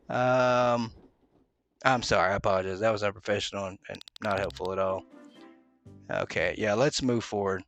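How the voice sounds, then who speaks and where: A man casually commentating as he plays a game, joking bluntly and filling pauses with "uh". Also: fairly low pitch, fairly even intonation, a bit bright, soft background music. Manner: joking, mock-blunt, with many "uh"s. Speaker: gaming video host. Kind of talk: casual let's-play commentary.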